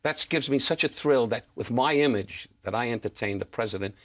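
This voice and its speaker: A man's voice: medium pitch, brisk. An older man from New York, a chatty guest telling stories with restarts and repeats in a talk-show interview. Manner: chatty storyteller, restarts and repeats, acts out quotes.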